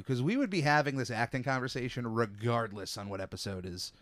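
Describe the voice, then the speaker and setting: A young man hosting a podcast, telling stories in a casual, animated way. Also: medium pitch, dry recording. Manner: animated storyteller, quick asides. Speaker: podcast host. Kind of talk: casual chat.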